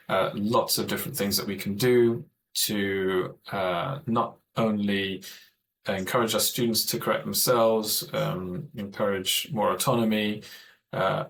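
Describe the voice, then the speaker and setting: A man with a fairly low voice talks teachers through classroom techniques on a video call. He explains carefully and often stops to rephrase himself. A faint hiss sits under his computer mic. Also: a bit bright, poor audio. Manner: thoughtful, explanatory, with frequent self-corrections. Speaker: teacher trainer. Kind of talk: online training presentation.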